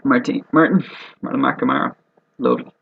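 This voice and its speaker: Brief: man, host doing joking commentary, very gravelly, husky voice, lively pitch, lo-fi dull recording. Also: brisk. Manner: profane, joking, rambling. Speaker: host of a fantasy football mock draft video. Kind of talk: casual predictive commentary.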